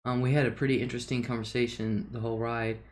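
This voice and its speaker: A woman's voice: extremely low pitch, level tone, quick pace, a little mellow, a little hiss or hum. A woman hosting a casual livestream, chatting loosely, reading viewer comments aloud and laughing often. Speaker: livestream host.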